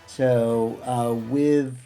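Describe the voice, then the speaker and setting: A man playing a tabletop game, thinking aloud in a hesitant way with many pauses. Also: medium pitch, steady tone, warm tone, faint music behind. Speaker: player. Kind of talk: tabletop game play over voice chat.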